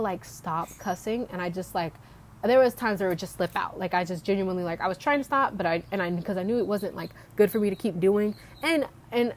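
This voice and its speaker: Young woman, casual faith vlogger, mid-pitched and chatty, faint outdoor hiss behind her. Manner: chatty, frequent "like" fillers, laughs between thoughts.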